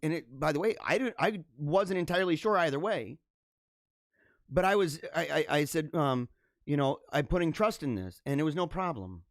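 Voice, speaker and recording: A man hosting a live stream, telling a long story off the cuff. His voice sits a little high for a man and sounds close and dry, with no room echo. He rambles and restarts often, then breaks into animated bursts. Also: moderate pace. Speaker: livestream host. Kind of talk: casual storytelling monologue.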